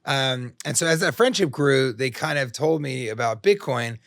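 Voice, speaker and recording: This middle-aged comedian, guesting on a podcast, tells long, meandering stories packed with jokes and swearing in a casual interview. His voice sits mid-range with a fairly bright tone at a normal speed. The studio recording is clean, with no echo.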